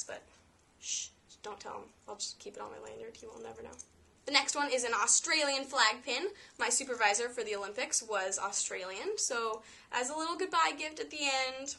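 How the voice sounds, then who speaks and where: Brief: young woman vlogger, bright and fairly high voice, chatty show-and-tell energy. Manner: chatty, enthusiastic, playful asides. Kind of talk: casual show-and-tell vlog.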